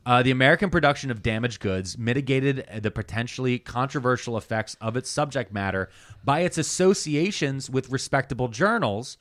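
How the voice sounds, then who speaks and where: A man co-hosting a podcast, walking the others through his notes in a casual, animated way with many "uh"s and "like"s. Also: mid-range voice, a little fast. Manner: animated storytelling with many fillers. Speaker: podcast co-host presenting the topic.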